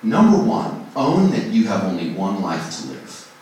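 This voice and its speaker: Recorded from afar in a large, very echoey room with a little hiss or hum, a man gives a casual songwriting workshop talk to a group. His voice is fairly low and a little mellow, its pitch swooping wildly at a measured pace. He jokes at his own expense, stays conversational, and voices his inner thoughts aloud.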